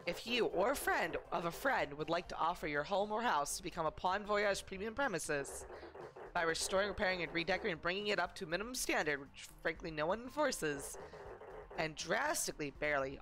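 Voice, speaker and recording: A woman reading game dialogue aloud as a smooth-talking male shark salesman with a salesy, over-the-top pitch. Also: fairly bright tone.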